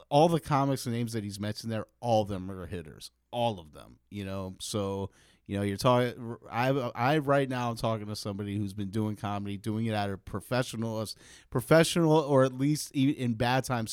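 A man's voice: on the low side, normal speed, a little mellow, smooth, dry recording, studio quality. A man in his thirties hosting a podcast, chatting casually and swearing freely. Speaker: podcast host. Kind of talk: casual interview chat.

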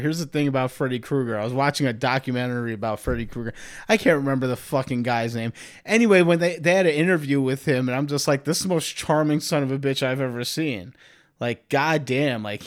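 A man's voice: medium pitch, fast talker. A man hosting a podcast, talking in a rambling, profane, comedic monologue. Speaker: podcast host.

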